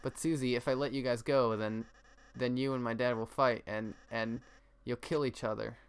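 A man's voice: mid-range voice, steady tone, smooth, close to an everyday voice. Stammering goofy villain prince, read by a man. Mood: worried. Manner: halting, stammering.

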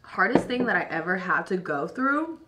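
A young woman vlogging, tipsy and a little hoarse, chatting loosely and with plenty of swearing while doing her makeup at home. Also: fairly low pitch, very animated, normal speed, a bit bright. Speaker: beauty vlogger.

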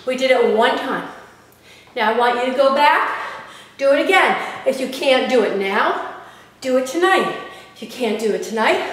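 Woman fitness coach, high voice, unhurried, recorded from afar in a reverberant hall. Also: expressive, a little hiss or hum. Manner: counting reps and cheering on. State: out of breath. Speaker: fitness instructor. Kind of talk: workout instruction. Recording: echoey room, far from mic.

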